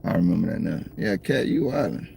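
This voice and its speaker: Low-pitched, with vocal fry and a darkish tone, a Southern-accented livestream host talks a little fast with lively intonation; a faint hiss or hum is present. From his parked car he casually jokes with viewers, reads their comments and addresses them directly in a relaxed manner.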